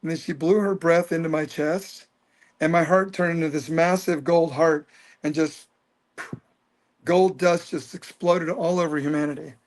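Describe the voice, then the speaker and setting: A man in his fifties telling a personal story as an interview guest, earnest and animated. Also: a little high, moderate pace. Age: 50s.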